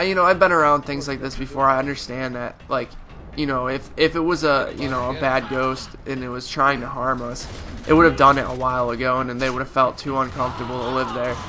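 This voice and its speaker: Nasal young man with a bright voice. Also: medium pitch. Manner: rambling, many fillers and restarts. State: stuffy with a cold. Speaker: gaming YouTuber. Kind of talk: casual storytelling over gameplay.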